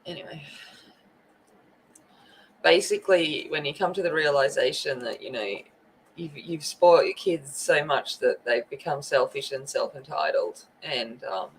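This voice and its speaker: A woman's voice: sits low, animated, unhurried, slight background noise, low-quality recording. A woman hosting a coloring livestream, chatting casually and greeting viewers by name. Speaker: livestream host. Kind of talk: casual chat while coloring.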